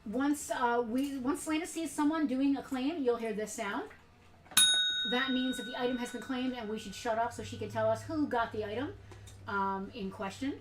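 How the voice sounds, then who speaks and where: A woman hosts a live sale stream, chatting casually and rambling with lots of fillers. Her voice is a bit high. She sounds distant from the mic in an echoey room. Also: normal speed. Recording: roomy, from off the mic.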